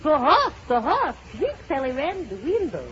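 A woman's voice: high-pitched, wildly swooping pitch, normal speed. A woman playing a hammy lonely empress. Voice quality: comic mock-French dialect. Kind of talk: 1930s radio comedy acting. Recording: dull old radio broadcast with audience and hiss.

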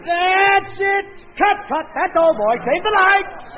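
Affected old-time director, swoops all over, dull radio sound. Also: male voice, very high voice, expressive, slow pace, over music, exaggerated voice. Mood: brisk. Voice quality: affected, theatrical. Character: pompous affected male film director. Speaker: film director. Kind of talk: 1930s radio acting.

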